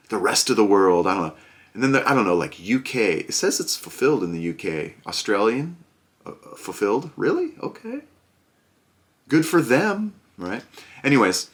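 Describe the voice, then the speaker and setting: A man's voice: medium pitch, sing-song, moderate pace. A man hosting a board game video, chatting casually and sarcastically with lots of fillers and restarts. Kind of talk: casual product review chat.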